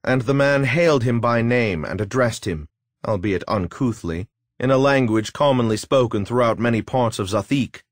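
A man narrating a dark fantasy tale in a measured, solemn storytelling manner. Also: fairly low pitch, no room sound, studio quality. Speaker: audiobook narrator. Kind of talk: scripted narration.

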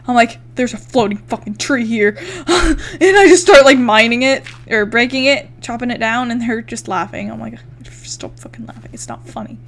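A woman's voice: fairly high pitch, fairly bright tone. A young woman giving casual let's-play commentary, chatting, swearing freely and counting blocks aloud as she builds. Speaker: gaming YouTuber.

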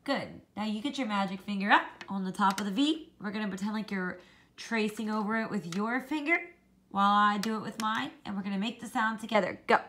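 A woman teaching a children's phonics lesson, slowly modelling letter sounds and encouraging the kids to copy her. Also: medium pitch, sharp tone, a little hiss or hum.

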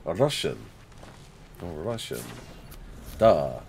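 A man's voice: mid-range voice, very animated, unhurried, slight background noise. A man streaming a game live, chatting and joking with viewers, laughing often, on a headset mic. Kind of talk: live gameplay chat.

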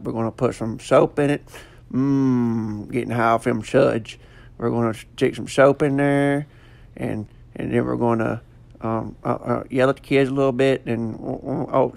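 A man's voice: medium pitch, fairly even intonation, moderate pace, vocal fry, a little mellow. A man doing a goofy, rambling comic voiceover full of fillers. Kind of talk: joking mock voiceover.

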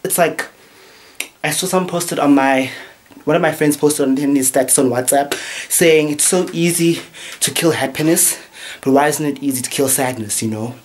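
A young man chatting playfully in a casual home vlog, with lots of asides and fillers. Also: on the high side. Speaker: vlogger. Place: room at home.

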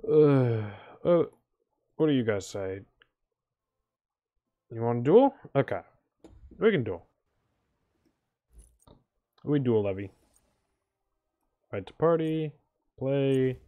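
Sleepy, slow-talking male streamer. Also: medium pitch, big pitch swings, narrow, tinny audio. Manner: mumbling, with sighs and groans. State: sleepy and worn out. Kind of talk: casual gameplay commentary.

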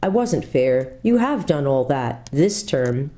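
A woman voicing an upset, sharp-tongued schoolgirl in a storybook reading, with shrill, indignant outbursts. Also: sing-song, slow pace, full character voice.

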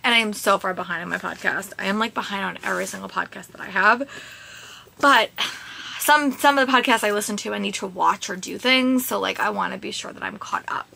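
A chatty woman talks straight to her viewers in a casual book vlog. Her voice is bright and forceful, with a gravelly fry running through it. She rambles a little, restarting sentences and leaning on fillers. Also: medium pitch, brisk. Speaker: book vlogger. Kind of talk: casual reading vlog chat.

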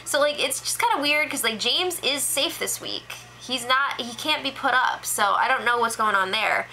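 A chatty woman rattles through a reality show recap with a bright, forceful tone and a voice pitched a little high. She talks casually with plenty of fillers. A faint hiss of noise sits behind her. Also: lively intonation, rough recording. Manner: chatty, filler-heavy, quick impressions of people she quotes.

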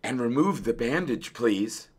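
A man's voice: mid-range voice, animated, unhurried, a little mellow, husky. A man voicing a small, brave male mouse dentist who speaks firmly and carefully. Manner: firm, careful.

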